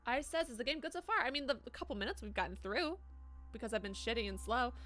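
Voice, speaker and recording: A woman's voice: fairly high pitch, expressive, fast, a bit bright, soft background music. A woman live-streaming a game, chatting casually, swearing freely and reading viewers' messages aloud. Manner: swears freely, reads chat aloud and reacts to it. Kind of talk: casual live-stream chat while gaming.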